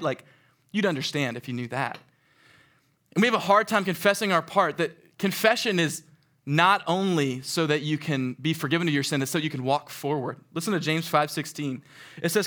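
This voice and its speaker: A young man giving a sermon to a live audience in a room, talking in a casual, animated way and acting out stories. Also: fairly high pitch, normal speed. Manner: animated, conversational, acts out stories. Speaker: youth speaker.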